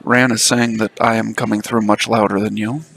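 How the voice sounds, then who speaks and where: A man with a gravelly, fry-edged voice commentates a pool match on a headset mic held close to his mouth. He explains the play steadily and patiently, often pausing on fillers. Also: fairly low pitch, little pitch movement, a bit bright. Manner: measured, explanatory, reads the chat.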